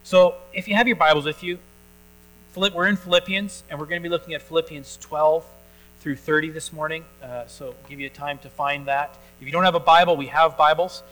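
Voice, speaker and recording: Man, pastor, sermon, church, bright clear voice, slightly high pitch, conversational. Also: fairly even intonation, brisk, soft background music, rough recording. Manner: conversational storytelling, with many fillers and restarts.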